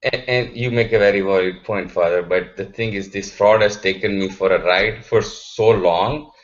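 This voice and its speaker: A man's voice: lowish voice, fairly even intonation, moderate pace, lo-fi sound. A man asking his spiritual teacher a question, searching for words and restarting often. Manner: searching, hesitant, many restarts.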